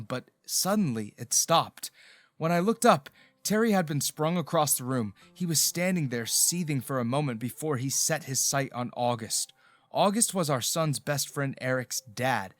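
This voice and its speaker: A man narrating a first-person love story in a steady, earnest way, with soft background music. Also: mid-range voice.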